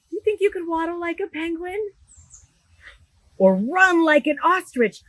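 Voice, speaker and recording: An enthusiastic woman reads a picture book aloud to young children and speaks to them directly in a sing-song storytime voice. Her voice sits high and jumps all over the place. She reads at an easy, unhurried pace, and the sound is close and dry. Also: expressive, a bit bright, dry recording, low-quality recording. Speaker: children's librarian. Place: outdoors in a garden.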